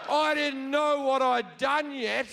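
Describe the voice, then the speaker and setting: A man's voice: very high-pitched, slow, gravelly, pushed and bright, slight background noise. A man with an Australian accent doing stand-up comedy, telling a story in a brash, profane manner.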